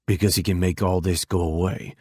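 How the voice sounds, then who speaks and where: A male narrator voicing a biker man who talks low and flat. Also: brisk, husky, no room sound, clean studio sound.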